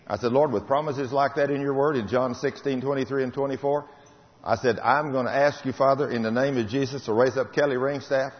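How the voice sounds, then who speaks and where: An older man giving a fervent testimony sermon, repeating key phrases with emphasis. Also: mid-range voice. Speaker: preacher. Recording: muffled hall recording.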